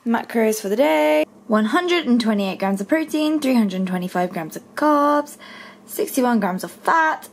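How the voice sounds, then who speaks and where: An English vlogger in her kitchen chats to the camera as she eats, keeping things playful and full of talk. The young woman's voice sits on the high side and sounds animated, and she keeps a measured pace.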